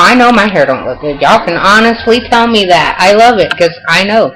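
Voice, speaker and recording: Older woman, Southern US accent, folksy vlog chat, self-deprecating, mid pitch. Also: animated, moderate pace, few pauses, a bit bright, low-quality recording. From Southern United States. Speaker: vlogger. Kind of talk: casual vlog answering tag questions.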